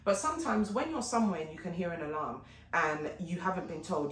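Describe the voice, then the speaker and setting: A woman vlogger telling a story in a casual, animated way, often turning to her viewers. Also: deep voice, fairly quick, hardly any pauses. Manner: animated, chatty retelling with frequent asides to viewers. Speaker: fashion and lifestyle vlogger. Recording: echoey room with faint background noise.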